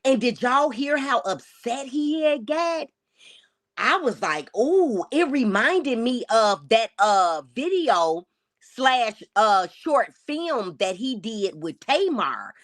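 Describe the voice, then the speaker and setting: Lively chatty woman stream host. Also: fairly high pitch, slow. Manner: chatty and exclamatory, addresses viewers directly. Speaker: livestream commentary host. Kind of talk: casual reaction commentary to chat.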